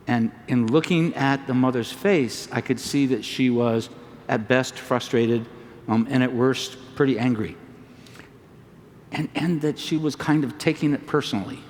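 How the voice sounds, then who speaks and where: A man, a psychologist on a panel, telling a personal story in a gentle, unhurried way with pauses and fillers. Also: mid-range voice. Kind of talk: storytelling talk. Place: large lecture hall. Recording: distant mic in a large reverberant hall.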